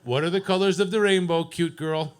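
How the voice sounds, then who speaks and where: A man doing a profane stand-up set at an open mic, deadpan and teasing the crowd. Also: high-pitched, fairly quick, clear, resonant tone. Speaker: stand-up comedian. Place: comedy club stage.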